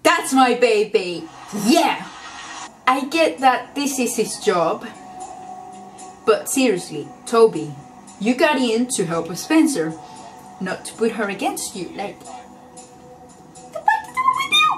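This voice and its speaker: Excitable high-voiced young woman reacting. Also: slow pace, pauses often, far from the mic, faint music behind. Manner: excitable, swears and laughs a lot. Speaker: TV show reactor. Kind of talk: casual reaction commentary.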